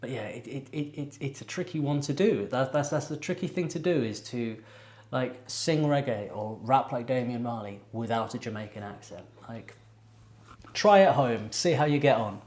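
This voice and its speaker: A man's voice: medium pitch, expressive, normal speed, a little mellow. A man hosting a music reaction video, talking casually and digressively and speaking straight to his viewers. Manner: chatty, digressive, addresses viewers directly. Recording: echoey room.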